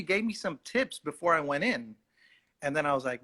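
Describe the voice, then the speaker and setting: A man's voice: on the high side, lively intonation, fairly quick, sharp tone. A man, an actor guest, telling a casual anecdote in a live Q&A, rambling and chatty with hesitant fillers.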